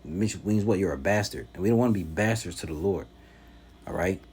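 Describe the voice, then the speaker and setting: A man's voice: low-pitched, a little fast, darkish tone, slightly rough. A man preaching at home, teaching from scripture and answering critics in an emphatic, mocking way.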